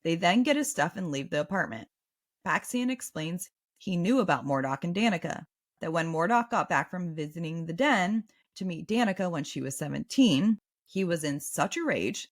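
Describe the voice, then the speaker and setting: Animated woman reading a book recap. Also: lowish voice. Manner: animated, swings between reading and excited reactions. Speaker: podcast host.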